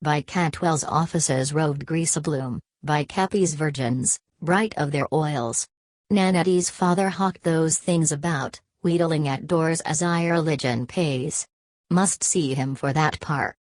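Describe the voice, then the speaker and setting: A woman reading a literary audiobook in a measured, unhurried way. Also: low-pitched, a little mellow, no room sound. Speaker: audiobook narrator.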